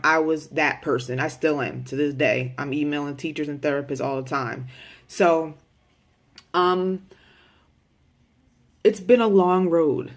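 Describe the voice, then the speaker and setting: A woman's voice: low voice, unhurried, pauses often. A mother of a special needs child talking candidly in a casual video diary. She is frank and chatty, repeats words as she talks, and uses folksy slang.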